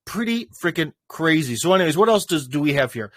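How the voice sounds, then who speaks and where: A man's voice: fairly high pitch, expressive, fast, a bit bright, no room sound. A man hosting a casual livestream, talking off the cuff in a rambling way with plenty of "uh" and "anyways". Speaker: livestream host.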